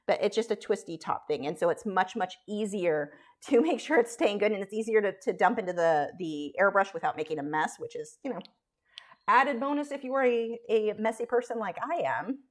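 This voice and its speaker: A woman's voice: medium pitch, animated, normal speed. A woman artist chatting casually on a live stream while she draws, rambling and self-deprecating.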